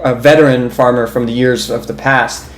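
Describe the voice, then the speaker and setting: A man's voice: mid-range voice, steady tone, normal speed. A young man co-hosting a podcast in casual chat, telling long, rambling stories with an amused, laughing manner. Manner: rambling, amused storyteller who laughs as he talks. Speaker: podcast co-host. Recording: roomy echo.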